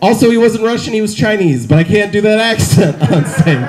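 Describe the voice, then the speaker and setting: A man's voice: sits high, animated, fairly quick, a little mellow. A man in his twenties doing a stand-up set outdoors in the rain on a handheld mic, with wry, self-mocking punchlines. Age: 20s. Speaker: stand-up comedian. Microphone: handheld stage mic.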